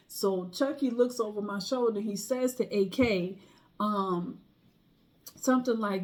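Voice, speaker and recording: A woman's voice: medium pitch, measured pace, a little mellow. A middle-aged woman telling a personal story in a chatty way, often checking in with "right?".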